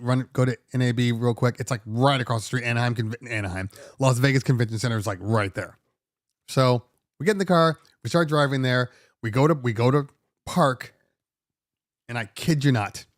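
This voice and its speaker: A middle-aged man hosting a DJ podcast, telling a story in a casual, animated and exasperated way and swearing freely. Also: medium pitch, no room sound, studio quality. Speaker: DJ podcast host.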